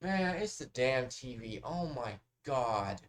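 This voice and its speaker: Male reaction host, chatty and rambling, casual swearing, medium pitch. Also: expressive, slow.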